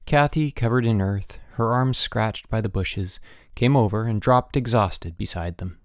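A man narrating a children's audiobook in an expressive storytelling manner, changing his voice for different characters. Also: on the low side, unhurried, no echo, clean studio sound.

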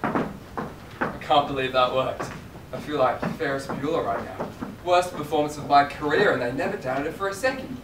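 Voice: medium pitch, normal speed, background noise, lightly acted. A performer playing a nervous student stuck in a gangster role. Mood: anxious. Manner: anxious, rambling, self-deprecating. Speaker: stage actor. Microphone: far camera in audience. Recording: echoey theatre taped from far off.

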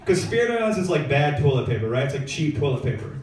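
A young stand-up comic entertains a live club audience with laid-back, slangy, filler-heavy stories. His voice is a little high and sing-song, he speaks fast, and the distant, echoey recording carries background noise.

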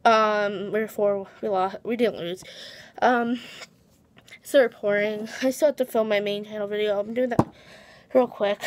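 A woman's voice: medium pitch, fairly even intonation, normal speed. A teenage girl chatting casually to her vlog camera, tired, rambling and restarting her sentences with giggles. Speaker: vlogger.

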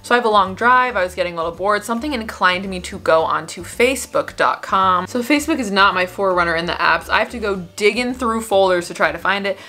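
Bright-voiced woman telling a dramatic story. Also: medium pitch, fast, hardly any pauses. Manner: animated, dramatic storytelling with exasperated asides. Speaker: vlogger. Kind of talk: storytime vlog.

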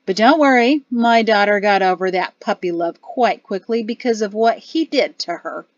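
Woman narrator voicing a boastful older male general, booming, teasing, loud, muffled dry audio. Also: normal speed, no room sound, natural voice. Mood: jovial. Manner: booming, barking laughter.

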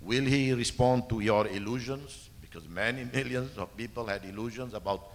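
A man from East Timor giving a keynote speech, measured and emphatic, repeating words for stress. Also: mid-range voice. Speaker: keynote speaker. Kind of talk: formal speech with audience Q&A. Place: large university auditorium. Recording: reverberant lecture hall.

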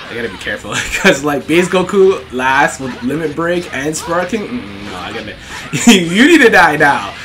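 A man giving excited live commentary over his own fighting game matches, trash-talking his opponent, laughing and shouting often. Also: a little high. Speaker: gaming channel host. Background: fighting game music and sound effects.

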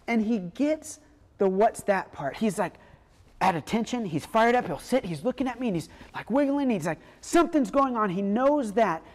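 A woman pastor preaching a sermon in a relaxed, conversational storytelling way. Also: mid-range voice, big-room sound.

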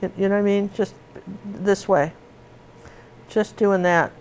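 A woman's voice: mid-range voice, fairly even intonation, unhurried, a little mellow, slight background noise. A middle-aged woman teaching painting in a casual, rambling, chatty way with many fillers and restarts. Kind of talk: casual tutorial chat while painting.

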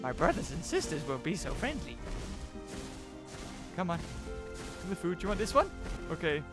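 A young man giving excited commentary while playing a survival game, laughing often and putting silly lines in the creatures' mouths. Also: on the high side, normal speed. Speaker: gaming YouTuber. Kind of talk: let's play commentary. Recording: game music behind.

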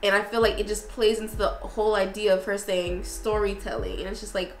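A young woman vlogging in a casual, effusive way, talking excitedly with lots of fillers and restarts. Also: mid-range voice, brisk, echoey room, soft background music, rough recording. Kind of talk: casual review vlog.

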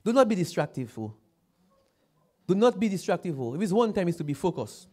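A man from Dominica, preaching a sermon, repeating his phrases and building to loud exclamations. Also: high-pitched, sing-song, normal speed.

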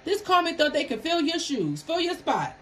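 A woman's voice: extremely high pitch, moderate pace, a little hiss or hum. A woman giving a casual tarot reading, talking emphatically to viewers. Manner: animated, emphatic, talks back to the cards. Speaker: tarot reader.

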